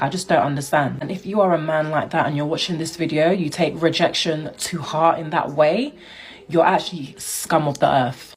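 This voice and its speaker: A woman's voice: sits low, husky. Brief: young woman, casual storytime vlogger, indignant and chatty. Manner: chatty, indignant, laughing as she tells it.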